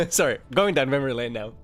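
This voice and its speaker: A man's voice: medium pitch, expressive, a little fast. Young guy on stream, laughing and swearing through a story, bit of music behind. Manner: laughs often, swears freely, many restarts. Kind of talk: casual storytelling to a live chat. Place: home streaming setup.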